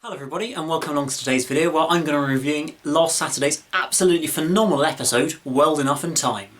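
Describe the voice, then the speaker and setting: A man's voice: a little high, rapid-fire, over music. A man hosting his own video channel, reviewing a TV episode in a casual, gushing and enthusiastic way. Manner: enthusiastic, gushing, with many fillers and restarts.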